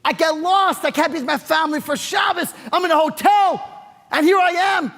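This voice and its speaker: Mężczyzna odgrywający zdesperowanego biznesmena. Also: male voice, very high voice, fast talker, a bit bright, long reverb tail. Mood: overwhelmed. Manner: pleading, urgent. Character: stranded, desperate businessman far from home.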